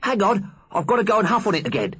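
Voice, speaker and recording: A jumpy teenage boy blurts everything out in a high, eager rush, as a male narrator voices him. The tone stays husky and bouncy throughout this audiobook reading. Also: heavily acted. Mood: excited. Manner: excited, hurried. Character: excitable teenage boy, jittery.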